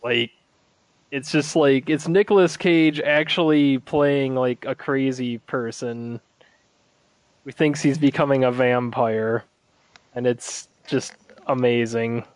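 Man, casual podcast chat, rambling with fillers, mid pitch, dry close sound. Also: fairly even intonation, slow pace, no echo. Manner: rambling, filler-heavy, laughs while telling stories.

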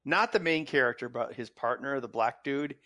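A man's voice: mid-range voice, normal speed, sharp tone, no echo. A man hosting a podcast in casual chat, joking and steering the talk toward wrap-up. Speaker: podcast host.

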